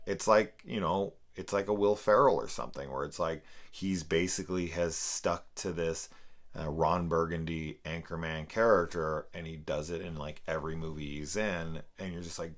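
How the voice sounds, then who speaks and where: Man, very deep voice, swearing film reviewer, exasperated casual rant. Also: a little slow. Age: adult parent. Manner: profane, exasperated ranting. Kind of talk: casual spoken movie review.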